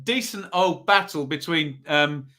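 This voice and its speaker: A man's voice: on the high side, expressive, unhurried, pushed and bright. A man with an East Anglian accent hosting a live football watch-along, giving chatty running commentary and reacting to viewers in the chat.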